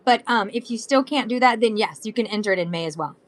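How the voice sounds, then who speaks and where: A woman's voice: mid-range voice, fast talker, no echo. A woman in her thirties from Southern California, selling jewelry supplies on a live stream in a chatty, bubbly way, talking straight to viewers. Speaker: live shopping seller.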